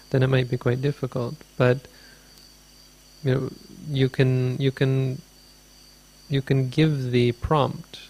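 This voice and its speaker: Gravelly-voiced man giving a dharma talk. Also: medium pitch, a little mellow. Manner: meandering, thoughtful storytelling. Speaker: Buddhist teacher. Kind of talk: dharma talk answering a question.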